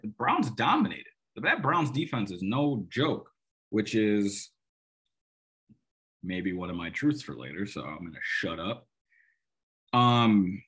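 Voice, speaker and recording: A man with a low, husky voice breaks down football in a loose, rambling monologue. He is emphatic and opinionated, often restarting sentences and tossing in sarcastic asides. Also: a bit bright. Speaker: sports podcast host. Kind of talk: casual solo football analysis.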